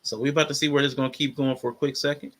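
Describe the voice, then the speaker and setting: A man hosting a casual reaction podcast, playful and affirming toward his guests, with lots of quick agreement. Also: mid-range voice, little pitch movement, fairly bright tone. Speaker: host.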